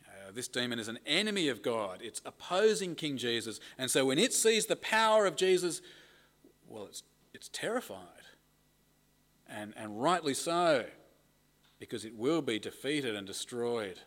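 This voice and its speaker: A man's voice: medium pitch, big pitch swings, moderate pace, fairly bright tone. A middle-aged man preaching a conversational sermon and reading scripture aloud with emphasis. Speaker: pastor.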